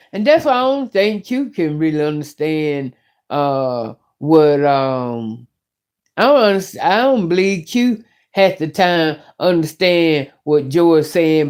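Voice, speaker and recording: Speaking in a deep voice with a darkish tone, a middle-aged YouTube host rambles bluntly at her viewers. Her casual on-camera rant is full of profanity.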